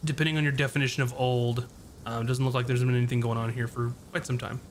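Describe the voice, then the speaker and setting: A man's voice: mid-range voice, level tone, fast, slight background noise. Man narrating a tabletop game with ums. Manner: descriptive, with frequent ums and uhs. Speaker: game master.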